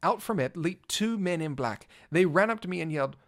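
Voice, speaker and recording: A man's voice: a little high, expressive, fairly quick, a bit bright. A man voicing a vain, gallant male cat-knight bard in a fan audio drama, speaking in flowery, old-fashioned words and shifting from pompous to flustered. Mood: storytelling. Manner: theatrical, swinging from pompous to flustered. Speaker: narrator. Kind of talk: first-person fan audio drama reading.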